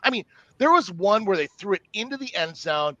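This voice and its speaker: A man co-hosting a live college football talk show, giving blunt opinions in an animated way with frequent stammering restarts. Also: high-pitched, a little fast, no echo, lo-fi sound. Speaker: co-host. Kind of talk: casual sports talk.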